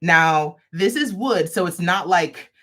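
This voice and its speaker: Here the crochet livestream host speaks slowly in a fairly low, fairly bright voice, full of animation. She shows off a product in live demo chat, sprinkling in sassy, playful comments.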